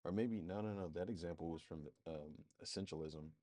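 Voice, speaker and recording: Low-voiced man thinking aloud on screen. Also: fairly quick, dark tone, dry recording, clean studio sound. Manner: thinks aloud, loose and rambling, many fillers. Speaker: marketing agency presenter. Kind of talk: casual screen-share walkthrough.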